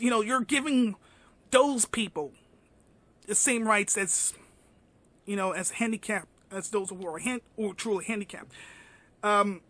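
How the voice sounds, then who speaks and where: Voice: medium pitch, fairly bright tone. A vlogger giving an indignant, ranting commentary, full of fillers and swearing.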